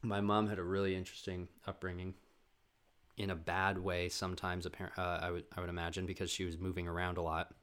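A man's voice: deep voice, completely flat delivery, quick pace, a bit bright, clean tone. A man hosting a podcast, telling family stories in a loose, rambling way, swearing freely and restarting his sentences. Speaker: podcast host. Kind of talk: casual storytelling monologue.

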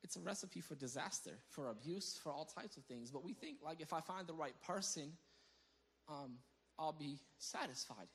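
Male pastor, fairly high, bright voice, loose conversational sermon, laughs at his own stories. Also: normal speed. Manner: animated storyteller who breaks into laughter; repeats words as he restarts phrases.

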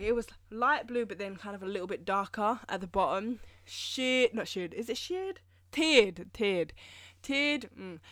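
A woman's voice: mid-range voice, a bit bright, no echo, clean studio sound. A young woman from England, telling rambling, self-mocking stories in a casual solo podcast, full of fillers. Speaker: podcast host. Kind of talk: casual monologue.

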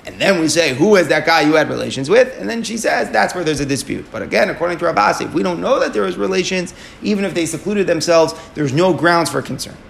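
A man's voice: high voice, lively intonation, quick pace, gravelly, hardly any pauses, a bit bright, a little hiss or hum. A man teaching a Talmud lesson, explaining step by step and asking and answering his own questions, with Aramaic and Hebrew terms mixed in.

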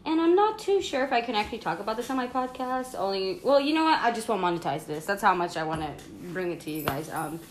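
A woman's voice: mid-range voice, expressive, fast, hardly any pauses, reverberant, a little hiss or hum. A woman hosting her own podcast in casual, rambling chat full of fillers, talking while she eats at home. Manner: chatty, rambling, many fillers and laughs. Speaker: podcast host.

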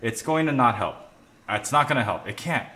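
Young male podcast host, profane and animated, casual kitchen chat, roomy sound. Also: mid-range voice, moderate pace. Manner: profane, ranting, animated complaints. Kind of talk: casual chat while cooking. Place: home kitchen.

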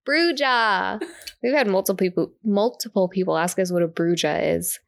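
A woman's voice: medium pitch, normal speed, gravelly, dry recording. A woman co-hosting a podcast in casual chat, giggly and chatty, laughing often as she talks. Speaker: podcast co-host.

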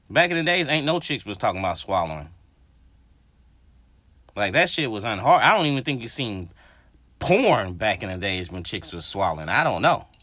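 A medium-pitched man, recorded with no room sound, hosts his own podcast. He rants casually and profanely, staying animated and speaking straight to his listeners.

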